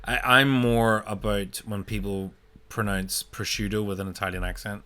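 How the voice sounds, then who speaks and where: A man co-hosting a casual podcast chat, playful and quick to slip into silly voices when telling a story. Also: lowish voice, steady tone, bright, forceful tone. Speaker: podcast co-host.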